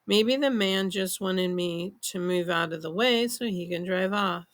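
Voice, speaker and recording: A woman narrating a novel in the first person, in measured storytelling. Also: lowish voice. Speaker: audiobook narrator. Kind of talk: scripted audiobook narration.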